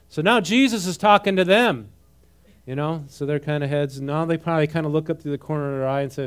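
Animated man teaching scripture. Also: fairly high pitch, fast, clean tone. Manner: animated, asks the audience questions, mixes reading with comment. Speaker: preacher teaching a Bible passage. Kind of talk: conversational sermon.

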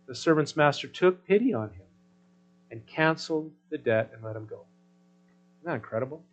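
A man preaching a sermon in a conversational way, checking in with the congregation through rhetorical questions and swinging between loud emphasis and soft asides. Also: a little high, expressive, normal speed, long pauses, muffled recording. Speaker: pastor.

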